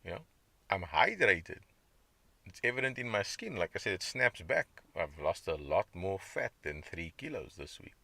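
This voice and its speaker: Gravelly low-voiced man rambling about diet. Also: sing-song, normal speed, bright, forceful tone, no room sound. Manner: rambling, conversational, reacts to chat comments. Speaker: podcast host. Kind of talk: casual diet podcast monologue.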